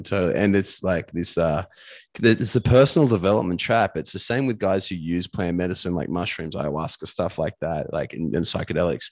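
A man's voice: low-pitched, no echo. A man, a coach and podcast guest, talking earnestly and emphatically in casual conversation, swearing now and then.

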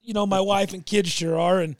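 Man, guest, heartfelt, halting, dry close sound. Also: sits high, fairly even intonation, dry recording. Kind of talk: casual conversation.

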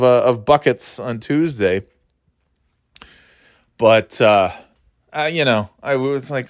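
A man in a casual sports talk, swearing freely and rambling, with frequent laughs and lively jumps in pitch. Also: takes it slowly, pauses often, dry recording, clean studio sound. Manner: profane, rambling, animated, laughs often.

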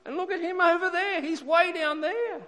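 A man's voice: extremely high pitch, fairly even intonation, moderate pace, pushed and bright, pitched above the performer's own voice. A man voicing a boastful, self-righteous Pharisee who looks down on others. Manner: smug, looking down on others. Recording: echoey hall reverb.

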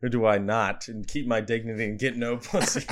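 A young man co-hosting a podcast, trading crude jokes and laughing loudly at his friend's stories. He swears often and talks in a loose, casual way. His voice sits at a middle pitch. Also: brisk, a little hiss or hum. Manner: profane, laughing, joking reactions. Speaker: podcast co-host. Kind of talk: casual chat.

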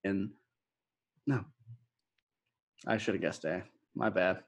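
A man with a husky, slightly breathy voice co-hosts a casual podcast over a video call. He reacts with quick exclamations and loose, profane banter. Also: low voice. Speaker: podcast co-host.

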